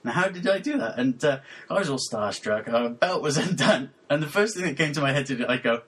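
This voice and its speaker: Husky man rambling on a podcast. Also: mid-range voice, lively intonation, a little fast, a bit bright. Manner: rambling, hesitant, laughs often. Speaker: podcast host. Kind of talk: casual podcast chat.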